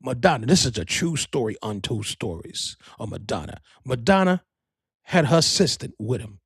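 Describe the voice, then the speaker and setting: A man hosting a podcast, telling gossip stories in a profane, rambling, animated way. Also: medium pitch, normal speed, breathy edge, no echo, studio quality. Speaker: podcast host. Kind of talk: casual storytelling monologue.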